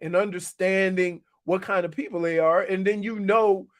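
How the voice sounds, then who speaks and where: A high-pitched male co-host on sports talk radio, telling animated stories from his playing days. He laughs often and talks in a loose, easy way. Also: moderate pace. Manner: animated storyteller, laughs a lot. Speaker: radio co-host, former pro football player.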